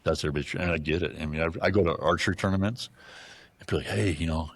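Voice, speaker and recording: A man's voice: low-pitched, very fast. A man from Arizona, a bowhunter and guest on a show, telling casual stories that he acts out, with many restarts. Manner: animated anecdotes, acts out other people's lines, frequent restarts. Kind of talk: casual storytelling.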